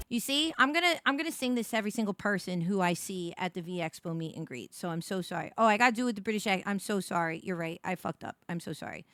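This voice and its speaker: A young woman streaming live, chatting casually to her viewers, rambling and swearing with quick restarts. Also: medium pitch, a bit bright, soft background music.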